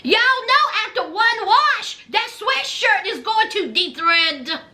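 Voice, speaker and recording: Sassy high-voiced woman recapping reality TV. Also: animated, slow pace, bright, forceful tone. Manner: sassy, sarcastic, slangy asides to viewers. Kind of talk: casual reality show recap commentary.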